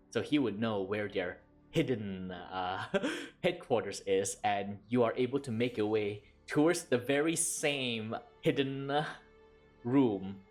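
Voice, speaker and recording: Male game master, measured tabletop narration, soft music bed. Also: medium pitch. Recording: faint background music.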